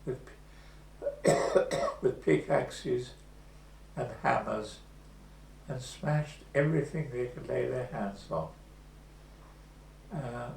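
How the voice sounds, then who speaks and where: A man in his eighties recalling the past in an oral history interview, telling his story slowly and with pauses. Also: medium pitch, vocal fry, darkish tone. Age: 80s. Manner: slow, measured storytelling with pauses. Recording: echoey room with faint hum.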